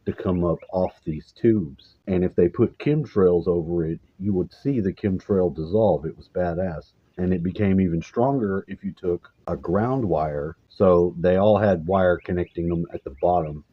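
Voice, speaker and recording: Deep-voiced man rambling casually. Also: normal speed, hardly any pauses. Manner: meandering, swears casually, loses his train of thought. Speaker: vlogger. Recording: slightly dull lo-fi recording with faint hiss.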